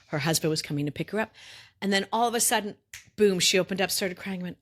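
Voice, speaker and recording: A middle-aged woman co-hosting a podcast, telling stories about her energy work in a lively, casual way, acting out what she and her clients said and swearing now and then. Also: medium pitch, fast talker. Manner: animated storytelling, quotes herself and clients, swears casually. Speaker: podcast co-host and energy worker. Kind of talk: casual conversation.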